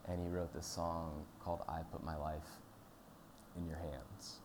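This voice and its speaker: A man with a deep, low voice delivers a sermon in an easygoing, conversational way. He tells stories and talks directly to the congregation. A faint hum of room noise sits under his voice. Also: little pitch movement, a little slow. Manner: conversational, storytelling. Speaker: pastor.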